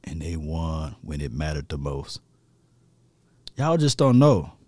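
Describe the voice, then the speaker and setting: A man's voice: very deep voice, slow, no echo. Ranting man. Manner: animated, ranting, laughing at himself. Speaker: sports fan commentator. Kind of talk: ranting fan commentary.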